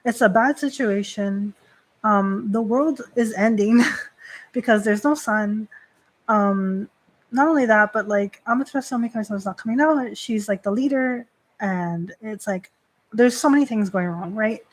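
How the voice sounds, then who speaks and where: A woman priestess hosting a casual live stream. She talks in a chatty, rambling way, filling her sentences with "like." Her voice sits at an ordinary middle pitch. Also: moderate pace, poor audio. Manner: chatty, heavy use of "like" fillers. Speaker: Shinto priestess and host.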